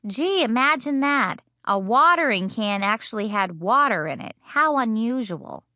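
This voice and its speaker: A woman's voice: on the high side, huge pitch swings, normal speed, a bit bright, no echo, voice pushed up, heavily acted. Woman playing a dry, sarcastic mom. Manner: sarcastic, suspicious. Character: patient, dry-witted mother.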